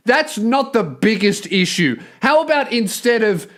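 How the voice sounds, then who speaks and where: Profane Australian comedian, high-pitched. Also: male voice, sing-song, normal speed, few pauses, fairly bright tone. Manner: sarcastic, profane, reads article then riffs. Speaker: comedian host. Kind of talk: comedic commentary on a news story.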